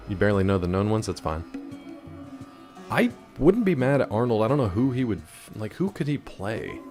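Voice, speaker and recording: A man's voice: mid-range voice, a little mellow. Chatty man streaming a game. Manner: chatty, answers chat, jumps between topics. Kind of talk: casual live-stream chat while gaming.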